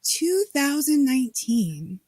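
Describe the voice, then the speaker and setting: A woman's voice: high voice, very animated, slow pace, mellow, no room sound. A woman from Colorado, a state party chair, telling her story in a casual interview and acting out the dialogue.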